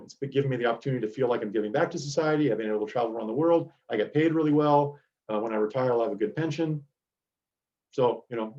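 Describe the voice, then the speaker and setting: A man's voice: medium pitch, darkish tone, highs cut off. A middle-aged man, a DEA agent, giving an earnest motivational lecture to students over a video call.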